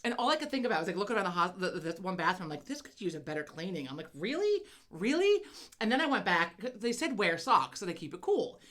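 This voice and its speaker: A woman's voice: lowish voice, sing-song, fast, hardly any pauses, a bit bright. A woman co-hosting a casual podcast chat, telling a profane story with lots of laughter. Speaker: podcast co-host.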